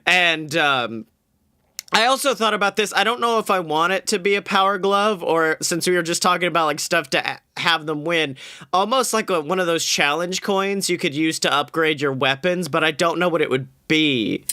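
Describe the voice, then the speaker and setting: Bright-voiced man cracking blunt jokes. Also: fairly high pitch, moderate pace, smooth, no room sound, studio quality. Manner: blunt, swears casually, self-mocking. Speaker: podcast co-host. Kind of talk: casual chat.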